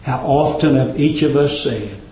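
A man preaching a sermon, impassioned and swinging up into high, ringing exclamations. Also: measured pace, dark tone. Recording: roomy, slightly dull recording.

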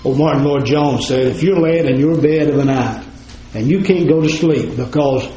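A man's voice: fairly high pitch, normal speed, mellow, slight background noise. A man preaching a sermon in a folksy, plain-spoken way, talking straight to his congregation. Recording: roomy, slightly dull recording.

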